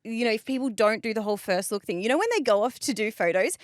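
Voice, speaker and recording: A woman with a fairly high voice, joining a podcast chat as the producer. She is playful and quick to laugh, recorded close and dry. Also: dry recording. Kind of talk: casual chat.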